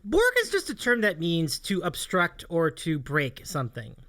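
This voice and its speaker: A man's voice: a little high, wildly swooping pitch, normal speed, a bit bright. A man hosting a casual livestream talk show, telling a story in a rambling way and laughing often. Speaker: host.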